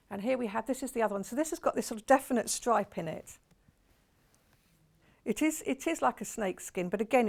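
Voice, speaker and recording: A woman's voice: a little high, vocal fry. A woman presenting on a shopping channel, chatty and enthusiastic, gushing about each fabric. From United Kingdom. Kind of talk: live TV sales presentation.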